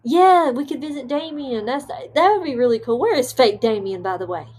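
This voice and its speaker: A woman hosting a livestream, chatting casually with viewers and reading their comments aloud, rambling and excitable with bursts of laughter. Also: high-pitched, moderate pace, hardly any pauses, slight background noise. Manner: chatty and rambling, trailing off often. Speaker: livestream host.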